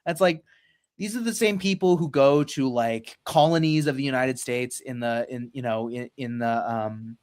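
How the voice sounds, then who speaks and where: A man's voice: mid-range voice, moderate pace, a little mellow. A man in a casual group discussion who talks in loose, run-on sentences.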